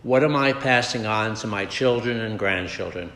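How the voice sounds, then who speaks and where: Low-voiced priest in an echoing church. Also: male voice, normal speed, fairly bright tone. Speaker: Redemptorist priest. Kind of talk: scripture reading and homily. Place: large basilica. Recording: echoey church with long reverb.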